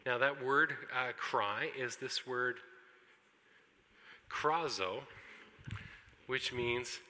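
A man preaching a sermon to a congregation, animated and joking with the listeners. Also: mid-range voice, very slow, background noise. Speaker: pastor. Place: church hall with congregation. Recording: long hall reverb.

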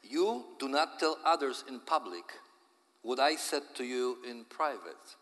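A man's voice: medium pitch, expressive, measured pace, fairly bright tone, in a large hall. A man with a Polish accent acting a wounded man scolding a friend who betrayed his trust. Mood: bitter. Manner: intense, bitter.

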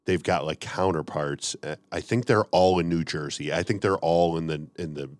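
A man's voice: sits low, normal speed, no room sound. A man from the Chicago area, a firefighter hosting a casual podcast chat, laid-back and laughing often.

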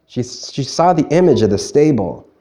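A man's voice: medium pitch, very animated, moderate pace, mellow. A man, a priest, giving a Christmas Eve homily, talking conversationally with questions put to the congregation and a few restarts.

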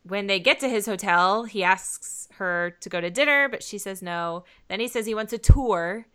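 A woman's voice: medium pitch, normal speed, a bit bright, clean tone. A woman co-hosting a podcast, laughing often as she narrates a TV episode scene by scene in casual chat. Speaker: podcast co-host.

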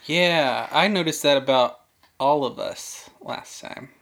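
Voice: mid-range voice, slow, vocal fry, a bit bright. A podcast co-host in casual chat who asks questions and teases the others. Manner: teasing, inquisitive.

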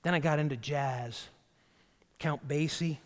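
A man, the pastor, preaching a sermon in an animated way, often repeating phrases and stumbling on the starts of words. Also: fairly high pitch, unhurried. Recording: church hall with long reverb.

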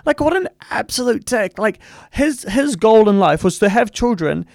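A man's voice: high-pitched, very animated, normal speed, a little mellow, no room sound, studio quality. A man hosting a casual commentary podcast, rambling with many fillers and swearing in indignant rants. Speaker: podcast host.

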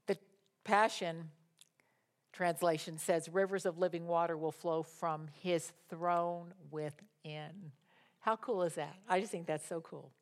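A woman preaching a sermon, rising to loud, impassioned declarations and dropping to soft, chatty asides. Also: lowish voice, steady tone, unhurried.

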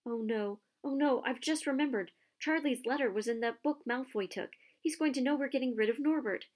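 A woman voicing a worried schoolboy lying sick in bed, talking anxiously and hoarsely. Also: sits high, fairly quick, pitched above the performer's own voice, close to an everyday voice. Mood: panicked. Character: Ron, worried boy stuck in a sickbed.

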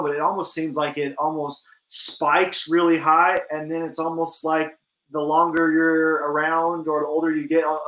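A man's voice: fairly high pitch, fairly bright tone, roomy sound, poor audio. A man hosting a podcast interview, asking questions in a hesitant, thinking-aloud way with many fillers. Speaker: podcast host.

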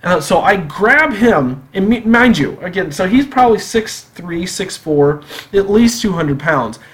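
A man telling a personal story on a podcast in a casual, animated way, acting out the dialogue. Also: high-pitched, a little slow. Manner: animated, acts out quoted dialogue.

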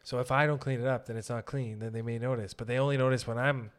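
A man's voice: mid-range voice, fairly even intonation, quick pace. A man hosting a casual podcast, teasing his friend playfully and laughing often. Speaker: podcast host. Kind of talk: casual chat.

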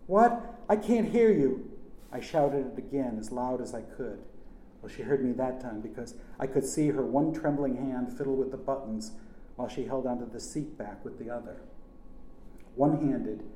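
Man with a dark voice reading a story. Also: mid-range voice, slight background noise. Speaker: narrator. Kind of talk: first-person story reading. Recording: echoey room.

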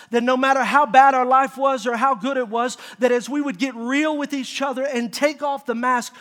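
Middle-aged male pastor, very high pitch, animated storyteller who talks straight to the congregation. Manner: animated storytelling with audience call-outs. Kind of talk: sermon.

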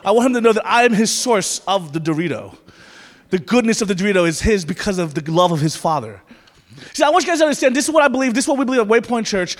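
A man's voice: high-pitched, very animated, fast. A man preaching a sermon as pastor, conversational with playful asides that turn to earnest prayer, in a church sanctuary. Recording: reverberant church hall.

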